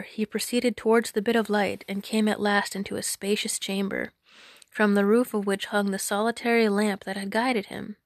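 A woman reading an old folk tale aloud in a measured, dramatic storytelling manner. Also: mid-range voice, creaky, dry recording, clean studio sound. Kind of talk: storybook narration.

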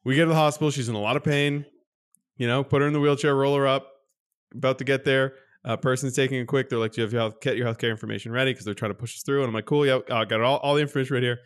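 A man co-hosting a podcast, telling a story in casual chat and jumping up in pitch when he acts out his exasperation. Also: very fast, clean tone. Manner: animated storyteller, jumps high when mimicking exasperation. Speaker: podcast co-host.

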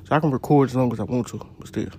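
A young man hosting a casual podcast, telling profane stories into a phone voice memo app and jumping up high when he quotes people. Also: racing, darkish tone, slightly rough. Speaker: podcast host. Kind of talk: casual chat, storytelling.

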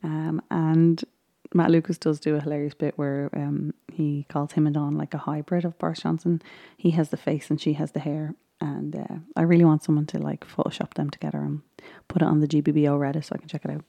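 A woman's voice: low voice, level tone, a little fast, vocal fry, warm tone. A woman vlogger chatting casually as she recaps a baking show, rambling with frequent ums and little laughs. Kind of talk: casual chat.

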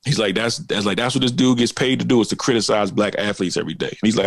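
Animated man in casual chat. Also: on the low side, fast, gravelly, few pauses, no echo. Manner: animated, emphatic, heavy use of fillers like "man" and "like". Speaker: podcast co-host.

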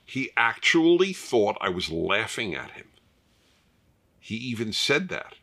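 A man's voice: medium pitch, very animated, moderate pace, pushed and bright. An older man hosting a fireside chat, talking emphatically and repeating points for stress. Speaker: host.

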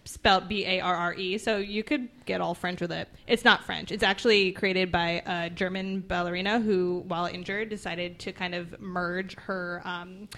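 A woman's voice: fairly low pitch, steady tone, moderate pace, hardly any pauses, bright, forceful tone. A young woman hosting a casual podcast, rambling with fillers and laughing easily. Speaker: podcast host. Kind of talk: casual chat.

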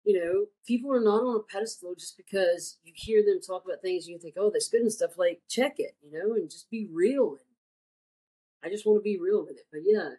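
A woman with a husky, mid-pitched voice in casual podcast talk. She speaks hesitantly, leans on fillers and keeps reassuring the others. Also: brisk, warm tone, poor audio. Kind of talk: casual chat.

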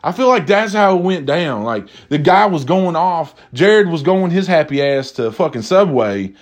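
A man's voice: on the high side, expressive, moderate pace. Rambling, cussing man. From Kentucky. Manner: rambling, swears constantly, many restarts and fillers. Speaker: vlogger. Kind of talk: profane comedic rant.

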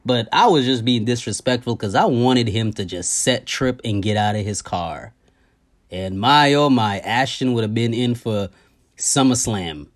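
A man tells a story from his day. He talks in a loose, casual way, swears freely and repeats his key lines for effect. His voice sits at an ordinary middle pitch. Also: measured pace. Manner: animated, profane, repeats himself. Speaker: podcast host.

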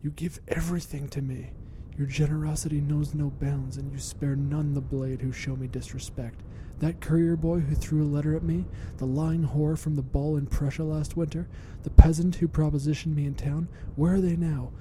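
A man voicing a scheming, murderous young duchess in a hushed, conspiratorial way that sometimes turns to a hiss. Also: steady tone, normal speed, hardly any pauses, close to an everyday voice, poor audio. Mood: fervent. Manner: hushed, conspiratorial, hissing at times. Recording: rumbling background noise.

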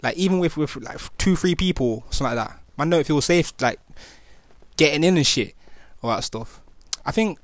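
A man's voice: fairly high pitch, lively intonation, normal speed, no echo. A young man with a Nottingham accent speaking casually in street slang, with many fillers and restarts. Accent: Nottingham, East Midlands English. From England. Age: young adult. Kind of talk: casual personal testimony.

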